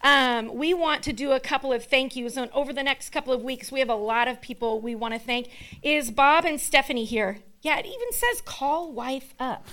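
A woman with a bright, high voice speaks to her church congregation in a hall. She is chatty and laughs easily as she thanks the volunteers one after another. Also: moderate pace. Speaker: pastor's wife. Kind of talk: church announcements.

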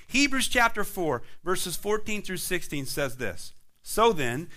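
A male pastor delivers a sermon with a high, bright voice. His pitch swings widely as he builds emphatic repeated phrases. He preaches in a church sanctuary.

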